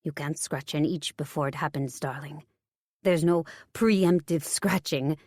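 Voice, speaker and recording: A woman voicing a worldly, blunt female friend with a breathy French accent and a frank, unbothered drawl. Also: low voice, unhurried, darkish tone, no room sound, studio quality.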